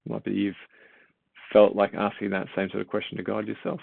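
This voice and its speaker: A man's voice: lowish voice, completely flat delivery, a little fast, creaky, breathy edge, dry recording. A man reading a Bible passage and then explaining it in an informal teaching style, talking conversationally, asking listeners rhetorical questions and repeating words as he thinks. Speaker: church Bible reader and teacher. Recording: tinny phone-like, dry sound.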